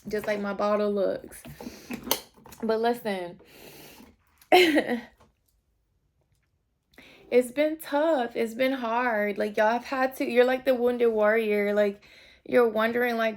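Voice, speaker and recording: A woman's voice: fairly high pitch, takes it slowly, pauses often. A woman giving a casual tarot reading, talking straight to her viewers in a rambling, heartfelt way. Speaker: tarot reader.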